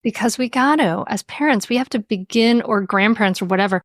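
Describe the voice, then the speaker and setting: A woman speaking as a podcast guest on parenting and mindfulness, gentle and reflective, often laughing lightly as she explains. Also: on the high side, fairly quick, no echo, clean studio sound. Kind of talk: podcast interview.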